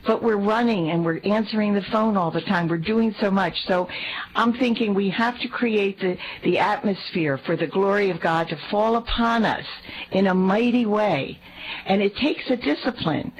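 Woman talking faith to a priest, earnest, gravelly, keeps restarting words. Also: mid-range voice, muffled recording, a little hiss or hum. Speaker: lay speaker in talk with a priest. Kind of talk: faith-sharing reflection.

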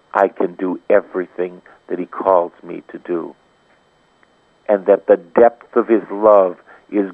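Man, preacher, charismatic sermon, low voice, repeats phrases, swings from hushed to soaring, thin phone-like radio sound. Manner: impassioned, repetitive preaching with surging rises and hushed drops. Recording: tinny phone-like radio broadcast.

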